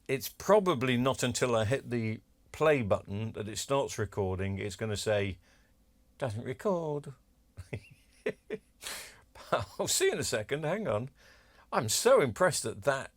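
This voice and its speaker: A man's voice: medium pitch, sing-song, normal speed, dry recording. Chatty man, dry close sound. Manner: chatty, self-deprecating, cheeky asides. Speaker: electronics repair video maker. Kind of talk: casual demo talk to camera.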